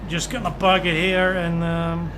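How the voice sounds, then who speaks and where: A man's voice: on the high side, flat delivery, measured pace, background noise. A man who is not a native English speaker, giving casual live-stream commentary on his racing, hesitant, with many fillers and restarts. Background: loud music and car engine sounds.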